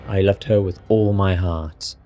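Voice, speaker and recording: A man doing an ancient vampire lord who sounds irritated and noble, in a very low, hushed voice. The journal is read seriously and dramatically, with faint music behind. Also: steady tone, measured pace. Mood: brooding, solemn.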